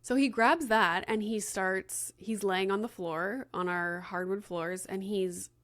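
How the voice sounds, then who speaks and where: A woman's voice: mid-range voice, fairly even intonation, a little slow, fairly bright tone. A woman in her thirties with a mid-range voice talks through her day as a podcast host. She is chatty and loose, leans on filler words, and slips into the voices of people in her story. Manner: chatty, many "like" fillers, acts out quoted dialogue. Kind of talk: casual solo storytelling.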